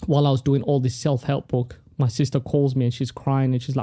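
Dark-voiced man telling a story. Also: medium pitch, fairly quick, dry recording, studio quality. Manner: animated storyteller who acts out other people's lines. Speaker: comedian guest. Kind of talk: casual storytelling.

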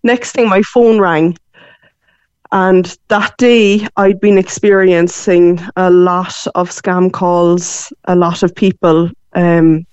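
A woman of forty with a Cork accent, chatting as a guest in a lively storytelling way. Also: on the low side, no room sound, highs cut off. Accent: Irish, Cork. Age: 40s. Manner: animated storytelling, voices her mum's lines. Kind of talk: casual phone interview.

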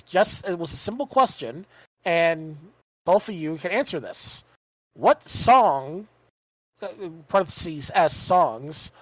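A podcast co-host in casual chat, talking in a halting, laid-back way and reading out a listener's email. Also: medium pitch, no room sound, low-quality recording.

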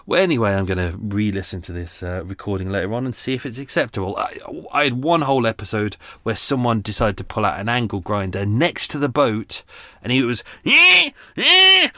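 A man's voice: fairly low pitch, a bit bright, no room sound, studio quality. A man hosting a podcast from his canal boat's front room, talking in an exasperated, muttering way. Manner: exasperated, swearing, muttering under his breath. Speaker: podcast host. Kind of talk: casual monologue. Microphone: home recording setup.

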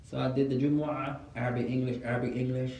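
A man's voice: medium pitch, level tone, fast, mellow, a little hiss or hum. A man teaching an informal class, telling stories and switching between Arabic and English. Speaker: Arabic and Islamic studies teacher. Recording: echoey classroom from far off.

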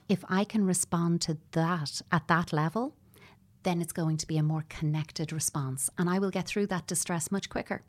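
Lowish-voiced woman explaining earnestly. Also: a little mellow. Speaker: child psychotherapist guest. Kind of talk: conversational advice interview.

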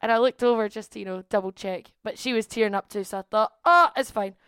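A woman's voice: mid-range voice, fast talker, fairly bright tone, clean tone, no echo, clean studio sound. A young woman in her twenties co-hosting a casual podcast, chatty and giggly, rambling through her stories. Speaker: podcast co-host. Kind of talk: casual chat.

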